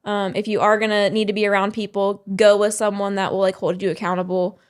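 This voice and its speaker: A woman's voice: mid-range voice, level tone, fast talker, clear, resonant tone. Candid young woman podcast guest. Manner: candid, rambling storyteller with many "um" and "like". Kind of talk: casual chat.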